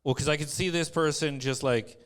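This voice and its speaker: A man's voice: on the high side, fairly even intonation, brisk, clear, resonant tone. A man, a comedian on a panel show, chatting and joking casually.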